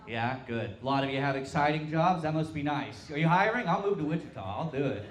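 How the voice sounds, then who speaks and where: A young man from Tulsa performing a stand-up set with deadpan, self-mocking crude punchlines. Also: on the high side, a little fast. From Tulsa, Oklahoma. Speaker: stand-up comic. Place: brewery comedy stage, live crowd. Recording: roomy live-venue sound.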